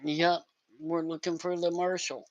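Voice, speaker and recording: A woman's voice: on the low side, level tone, measured pace, a little mellow, rough recording. A woman player in a tabletop game who speaks as her western character in an easygoing way. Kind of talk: in-character role-play.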